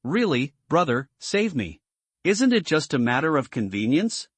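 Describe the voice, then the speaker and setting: A man's voice: fairly high pitch, sing-song, a little slow, breathy edge, no room sound, heavily acted. A man voicing a chained male prisoner who wheedles to be rescued. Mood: wheedling.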